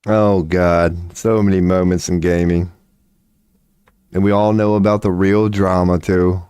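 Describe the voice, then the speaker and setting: Male streamer, casual and profane, dark mellow tone, dry close mic. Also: sits low, level tone, a little slow, clean tone, no room sound. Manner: profane, laughing, rambling storyteller. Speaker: livestream host. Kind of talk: casual livestream chat.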